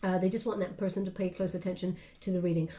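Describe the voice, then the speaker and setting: A woman giving a casual, affectionate tarot card reading to her viewers, talking gently with plenty of fillers. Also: lowish voice, flat delivery, fast talker. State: briefly tearful then composing herself.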